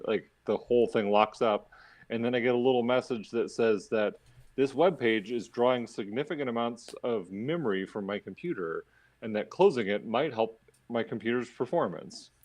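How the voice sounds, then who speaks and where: A man's voice: medium pitch, normal speed, darkish tone. A man in a casual online game chat, wryly complaining about his computer. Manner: wry, joking complaints. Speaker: podcast co-host.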